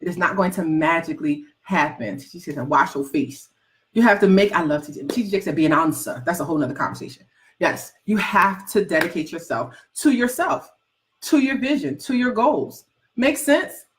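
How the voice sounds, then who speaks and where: A woman coaching aspiring authors in a motivational talk, animated and teasing, firing loud rhetorical questions at her viewers. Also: lowish voice, moderate pace, a little hiss or hum. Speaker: writing and goals coach.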